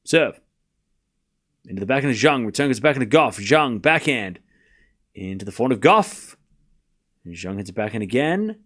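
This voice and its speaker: Man calling tennis shots, lively pitch. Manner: calls each shot in quick bursts, chatty asides. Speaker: host of a tennis watchalong stream. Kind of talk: live play-by-play tennis commentary.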